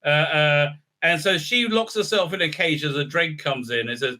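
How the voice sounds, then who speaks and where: A man's voice: a little high, normal speed, hardly any pauses, bright, forceful tone. A man giving a sarcastic, profane recap review full of fillers and restarts. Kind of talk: casual ranting recap.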